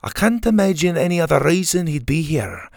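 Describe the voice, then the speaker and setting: A man's voice: fairly high pitch, very animated, fairly quick, gravelly, no room sound, studio quality, voice pushed up. A man voicing a knowledgeable young friend who explains history in a children's story. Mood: explaining. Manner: explanatory, informative.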